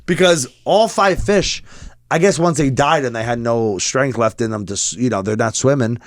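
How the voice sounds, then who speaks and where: A man in his thirties, co-hosting a podcast, telling a story in casual chat, animated and profane, acting out what people said. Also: medium pitch, normal speed, dry recording. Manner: animated, profane, acts out quotes. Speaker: podcast co-host.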